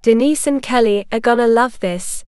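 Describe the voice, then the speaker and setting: A woman voicing a gruff, cruel middle-aged woman who talks down to people with a sneer. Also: fairly high pitch, moderate pace, darkish tone, no echo, studio quality, close to an everyday voice.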